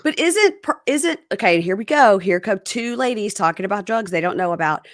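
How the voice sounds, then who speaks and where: A woman hosting a casual podcast, recapping a reality TV episode with animated retelling. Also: fairly quick, no echo, clean studio sound. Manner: lively, acts out quotes in a higher voice. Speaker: podcast host.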